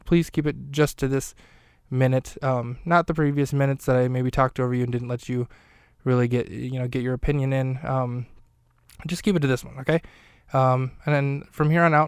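A male podcast host with a smooth, medium-pitched voice chats casually about a film scene, meandering with lots of fillers and correcting himself often. He sits near a studio mic, and there's no echo.

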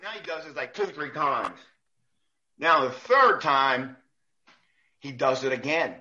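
Animated storytelling man, bright voice. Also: medium pitch, takes it slowly, muffled recording. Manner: animated, acts out quoted coaches. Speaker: basketball referee guest. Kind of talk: casual storytelling.

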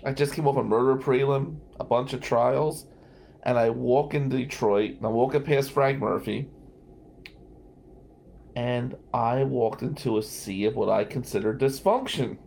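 A man's voice: mid-range voice, measured pace, creaky, a little mellow, slight background noise. A man, a lawyer hosting a radio talk show, telling a story in a loose, joking way, often laughing and swearing. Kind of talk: storytelling monologue.

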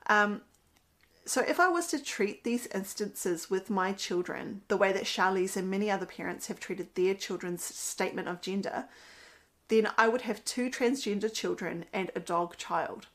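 A woman's voice: medium pitch, moderate pace, a bit bright. A woman, a mother talking earnestly about parenting in a casual monologue, laughing now and then at her own stories. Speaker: mother giving parenting commentary. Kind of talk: casual monologue with Bible quotes.

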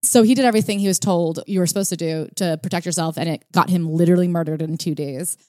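A woman's voice: fairly low pitch, fast, warm tone, no echo, studio quality. A woman co-hosting a casual podcast chat about a book, retelling stories and reading out quotes with energy. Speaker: podcast co-host.

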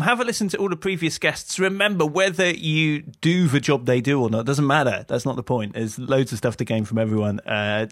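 A man hosting a podcast, asking a guest playful, curious questions and then reading a short outro. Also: medium pitch. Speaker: podcast host. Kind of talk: casual interview and show outro.

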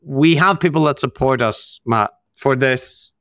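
A man's voice: mid-range voice, a little slow, a bit bright, clear, resonant tone, no echo, clean studio sound. A man with an Irish accent, co-hosting a podcast in casual, sardonic banter and laughing often. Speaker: podcast co-host.

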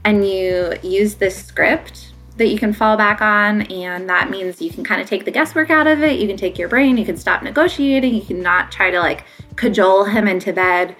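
A woman's voice: mid-range voice, moderate pace, few pauses, fairly bright tone, soft background music. A woman giving casual parenting advice on sleep, chatty and full of fillers, sometimes acting out what parents and kids say. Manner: chatty, lots of fillers, acts out quotes. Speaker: child sleep consultant.

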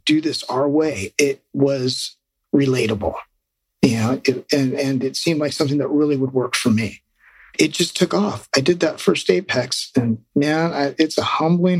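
Middle-aged male guest with a slightly high, husky voice, rambling and animated. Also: no room sound. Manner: animated, rambling, quoting himself. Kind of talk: casual storytelling.

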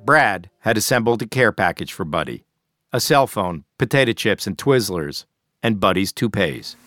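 A man giving measured, scripted documentary narration. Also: fairly low pitch, animated, pushed and bright, no room sound, clean studio sound, faint music behind. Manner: measured, clear.

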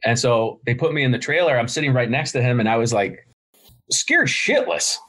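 A man's voice: mid-range voice, fast. A middle-aged man, a podcast guest and business founder, telling stories bluntly in casual interview talk and swearing freely.

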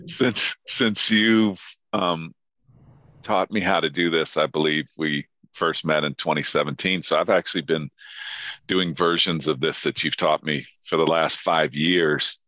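Deep-voiced man podcast host, dry sound. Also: measured pace, sharp tone, no room sound, dull audio. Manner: rambling, with frequent fillers and restarts. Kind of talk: casual interview chat.

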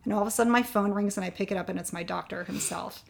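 A woman's voice: mid-range voice, racing, gravelly. A woman in an interview, candidly telling a long personal story and getting choked up at times. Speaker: guest sharing her fertility story.

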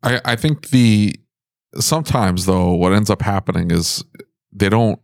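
Deep gravelly man chatting. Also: unhurried, a little mellow, no room sound, studio quality. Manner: chatty, teasing about football, retells quotes. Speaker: podcast co-host. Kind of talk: casual chat.

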